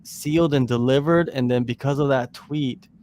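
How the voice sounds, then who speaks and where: A man's voice: medium pitch, normal speed, darkish tone, slight background noise. A man co-hosting a podcast in casual chat, teasing and talkative, with lots of "you know". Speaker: podcast co-host.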